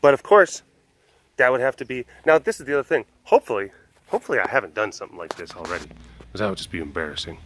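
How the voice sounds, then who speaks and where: A man's voice: fairly low pitch, expressive, fast talker, a bit bright, no echo, rough recording. A man hosting a casual vlog, rambling through ideas with self-mocking asides and frequent laughs. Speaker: host.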